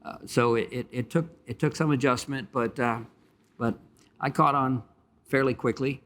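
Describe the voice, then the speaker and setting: A man, a retired jockey on a panel, telling stories and stopping often to pause and fill. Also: mid-range voice, steady tone, a bit bright. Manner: storytelling with many pauses and fillers. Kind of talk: anecdotal panel talk.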